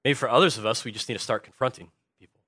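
A man preaching a sermon as a pastor, swinging from hushed earnest lines to loud animated bursts. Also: medium pitch, very fast, breathy edge, dry recording, clean studio sound.

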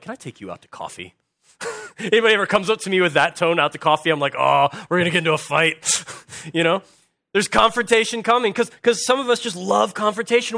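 Bright animated preacher man, dry sound. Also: on the high side, dry recording. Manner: animated, swings from hushed to loud emphatic bursts. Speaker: pastor. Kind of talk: sermon.

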